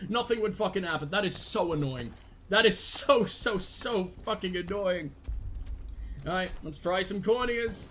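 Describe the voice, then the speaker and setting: A man commentating on his own video game play, loud, sweary and self-mocking, breaking into panicked yells during fights. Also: high voice, a little hiss or hum. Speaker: gaming channel host.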